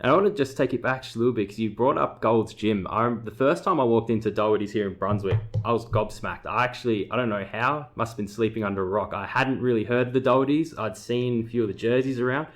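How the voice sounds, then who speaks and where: A man's voice: mid-range voice, fast, hardly any pauses. A young Australian man hosting a casual interview, enthusiastic and using casual slang. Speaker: podcast host.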